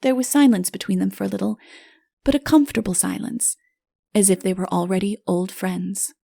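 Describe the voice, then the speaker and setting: Gravelly-voiced woman narrating a fairy tale. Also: medium pitch, steady tone, a little fast, mellow, no echo, studio quality. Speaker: audiobook narrator. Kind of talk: scripted storybook narration.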